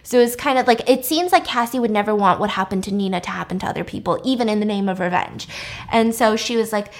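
A woman's voice: medium pitch, fast. A woman casually and animatedly retelling a film plot, talking in a chatty way with lots of fillers. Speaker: storyteller recapping a film.

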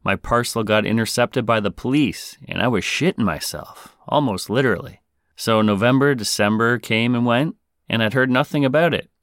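A man's voice: mid-range voice, moderate pace, a bit bright, dry recording, studio quality. A man hosting a podcast, reading out a listener's confession in a playful, casual way. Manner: playful, breaks into singing. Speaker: podcast host.

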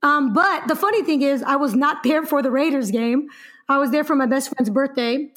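A young woman co-hosting a podcast, telling a story in a lively, chatty way and laughing often. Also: high-pitched, normal speed. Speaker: podcast co-host. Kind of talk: casual podcast chat.

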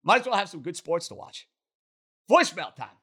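Energetic bright-voiced New host. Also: male voice, sits high, brisk, husky. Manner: energetic, animated. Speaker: podcast host. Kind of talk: casual sports talk.

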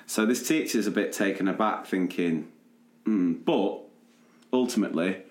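A man co-hosting a podcast, telling a funny story in a lively, chatty way and laughing as he goes. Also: deep voice, moderate pace. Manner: animated anecdote-telling with laughter and quoted voices. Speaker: podcast co-host. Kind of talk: casual storytelling chat. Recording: roomy echo.

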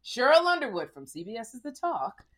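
Middle-aged female comic, lively talk with a swinging pitch, joking storyteller. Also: brisk. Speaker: stand-up comedian. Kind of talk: casual podcast chat.

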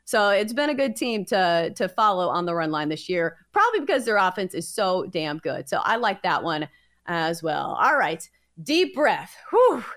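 A woman's voice: fairly low pitch, very animated, normal speed, a bit bright. A woman with a Southern accent co-hosting a sports betting podcast, chatty and breezy, teasing herself as she talks. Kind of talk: casual sports betting chat.

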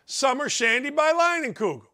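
Middle-aged American host, high bright voice with big swings, blunt and folksy, rambling asides. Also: male voice, lively intonation, moderate pace. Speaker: sports radio host. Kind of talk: animated monologue giving advice.

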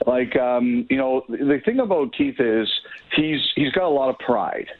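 Man, out of breath, phone-line sound, halting speech, hockey insider, mid pitch. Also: expressive. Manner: halting, many fillers and restarts. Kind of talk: phone interview.

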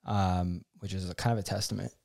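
A man's voice: sits low, fairly even intonation, brisk, creaky, a little mellow. A man in his twenties talking earnestly as a podcast guest, rambling with fillers, feeling sick. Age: 20s. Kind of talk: casual podcast chat.

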